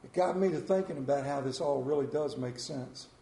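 A man preaching a sermon as pastor, swinging from hushed lines to loud ones. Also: fairly high pitch, fairly quick, echoey room.

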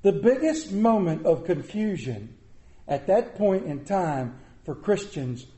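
A middle-aged man preaching a sermon, with dramatic pauses and repetition. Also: high-pitched, very animated, warm tone. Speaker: pastor. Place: church sanctuary. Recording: echoey room.

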